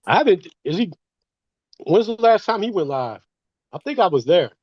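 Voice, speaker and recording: A man's voice: high-pitched, very animated, moderate pace, no room sound. A man co-hosting, chatting in a laid-back, profane way. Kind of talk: casual chat. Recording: dull lo-fi dry sound.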